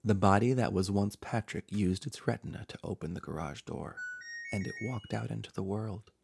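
A man hosting a horror podcast, reading a scripted horror story with dramatic, measured delivery. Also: on the low side, creaky, a little mellow, husky. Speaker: horror podcast host and narrator. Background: faint music.

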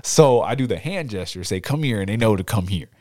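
Laughing, animated man hosting a podcast. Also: on the low side, brisk, no room sound, studio quality. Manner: profane, laughing storyteller who acts out quotes. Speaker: podcast host. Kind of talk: casual chat.

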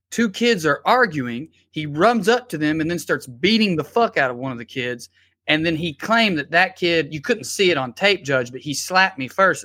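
A man's voice: on the high side, sharp tone, no room sound. A man and former public defender, talking bluntly and with passion in a podcast discussion, swearing freely.

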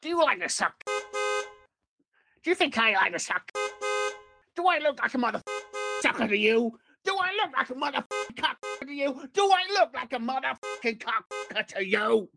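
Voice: high voice, animated, moderate pace, vocal fry, pauses often. A speaker doing a foul-mouthed, menacing New York gangster with a mock accent. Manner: menacing, sweary, repetitive questioning.

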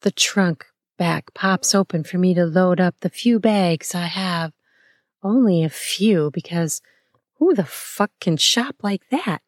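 A woman narrates an intimate first-person erotic story at a languid, unhurried pace. Her voice sits slightly low, breathy and playful, dotted with soft laughs and gasps. The recording is close and dry, with no room sound. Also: no room sound.

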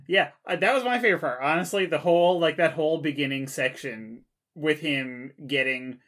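A woman's voice: low voice, moderate pace. A woman co-hosting a podcast, talking casually with lots of fillers and bursts of laughter. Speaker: podcast co-host. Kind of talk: casual chat.

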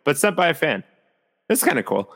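Male co-host, lively pitch swings, crude joker, reads fan facts. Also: fairly quick, creaky. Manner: animated, joking, profane. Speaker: podcast co-host. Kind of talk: casual chat.

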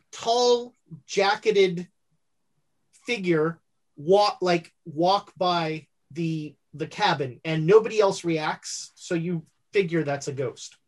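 A woman narrating a tabletop horror game as game master, pausing often with fillers. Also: on the low side. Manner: halting, filler-heavy narration.

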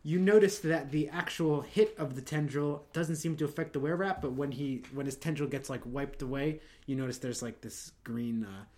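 A man narrating as dungeon master in a casual home game, trading quick asides about rules. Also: fairly high pitch, dark tone.

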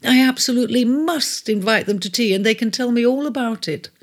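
A storyteller voicing Cancer, an emotional female crab who loves to bargain, with gushing, breathy exclamations. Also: medium pitch, fairly quick, voice pushed up, natural voice. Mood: delighted.

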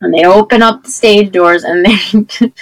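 In casual podcast chat, this thirty-something co-host from New Jersey tells rambling stories packed with fillers, her voice fading as she goes. Her pitch is mid-range and her pace moderate. The recording has no echo yet sounds poor.

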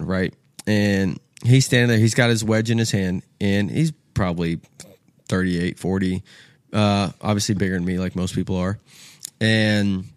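A young man with a lowish voice tells a rambling story, loose and profane, jumping into the voices of the people in it. The sound is close and dry, with no room around it. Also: no echo. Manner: animated, swears freely, acts out quoted voices. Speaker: podcast guest. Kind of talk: casual storytelling.

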